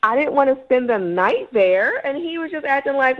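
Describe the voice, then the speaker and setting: A woman's voice: high-pitched, expressive, normal speed. Indignant woman on a lo-fi phone line. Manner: indignant, exasperated, dramatic. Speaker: caller. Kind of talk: emotional phone call.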